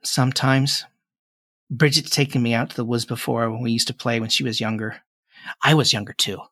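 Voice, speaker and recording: A man's voice: medium pitch, steady tone, fairly quick, a bit bright, no room sound. An earnest, nervous ten-year-old boy, as a game master puts him on, solemn and chatty, who stumbles over his words. His voice sounds plain and dry. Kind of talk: tabletop game character voice.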